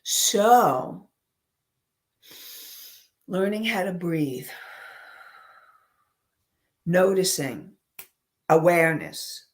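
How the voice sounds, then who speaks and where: A woman coach giving a teaching talk, speaking slowly and deliberately, pausing often and using personal examples. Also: lowish voice. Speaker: emotional intelligence coach.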